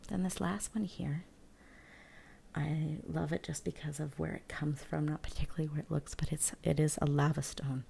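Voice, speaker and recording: Woman, soft-spoken ASMR host; low, mellow, gravelly, half-whispered and unhurried, close-miked. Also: fairly even intonation, slight background noise. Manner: whispered and hushed, slow and gentle; thinks aloud with hesitant fillers. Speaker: vlogger.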